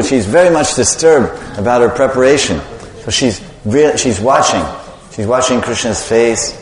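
A man's voice: mid-range voice, moderate pace. A man preaching a sermon, animatedly telling a devotional story and quizzing the audience. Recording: echoey hall with long reverb.

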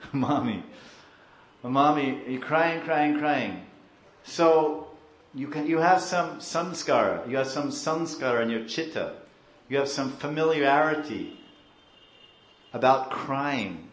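A man giving a slow, emotive devotional sermon, acting out crying devotees. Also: medium pitch, lively intonation, echoey room. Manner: slow, emotive, acts out crying devotees and mixes in Hindi and Sanskrit terms. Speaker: spiritual teacher.

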